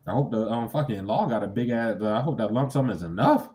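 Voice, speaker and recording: A man's voice: medium pitch, expressive, fast, few pauses, warm tone. A young man giving a casual tarot reading, talking bluntly and with heavy profanity, breaking into sudden incredulous outbursts. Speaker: tarot reader.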